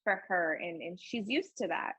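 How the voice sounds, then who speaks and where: A young woman speaking as a podcast guest, earnest and emotional in candid conversation, with a husky voice. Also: lowish voice, animated, moderate pace, fairly bright tone, no echo, poor audio. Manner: earnest and emotional, frequent fillers and laughs.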